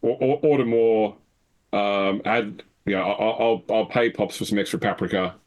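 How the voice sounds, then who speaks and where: Hesitant low-voiced male player. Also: steady tone, moderate pace, muffled recording. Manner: hesitant, many restarts and fillers. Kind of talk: casual tabletop play.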